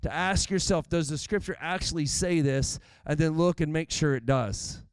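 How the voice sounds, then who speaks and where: A man delivers a sermon in a chatty, lively way, dropping asides to the congregation. His voice sits a little high and sounds smooth and resonant. The recording is dry and close. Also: normal speed, no room sound. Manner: conversational and animated, with asides. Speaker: pastor.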